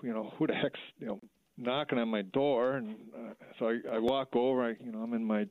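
Halting middle-aged man on a phone line. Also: medium pitch, fairly even intonation, dry recording. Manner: halting, full of fillers and restarts. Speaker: former minor league hockey player, guest. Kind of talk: storytelling interview over the phone. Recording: tinny phone line, dry.

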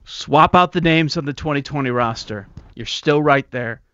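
A man's voice: on the high side, moderate pace, fairly bright tone, clean tone, dry recording. A man hosting a sports talk radio show, taking calls and reeling off numbers emphatically. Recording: muffled radio broadcast.

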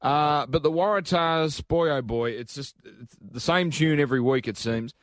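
An Australian man hosting a Sunday radio sports show, relaxed and joking as he links segments. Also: on the high side, moderate pace, no room sound, clean studio sound. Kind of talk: casual radio chat.

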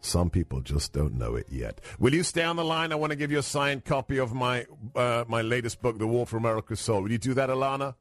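A man's voice: medium pitch, steady tone, fast, few pauses, fairly bright tone, no room sound. A male radio talk show host with a mid-range voice takes calls and gives advice. He speaks with confidence and drives his points home by repeating phrases. The studio sound is dry and close.

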